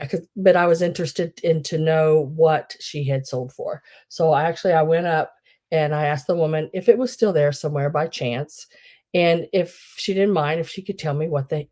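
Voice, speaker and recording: A woman's voice: sits low, dark tone. A woman hosting a live online sale, chatting in a rambling way with lots of fillers. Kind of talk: casual live-sale chat.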